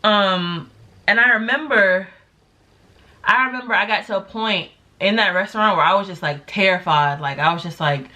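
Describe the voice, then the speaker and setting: A woman's voice: moderate pace, lo-fi sound. A young woman vlogger telling a story casually, acting out quotes with big jumps in her voice. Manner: animated, acts out quotes with big pitch jumps.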